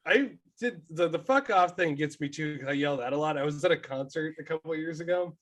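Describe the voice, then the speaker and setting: A man's voice: a little high, fast talker, fairly bright tone. A man co-hosting a podcast, telling stories in a casual, profane way. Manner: profane storytelling. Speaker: podcast co-host. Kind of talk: casual chat.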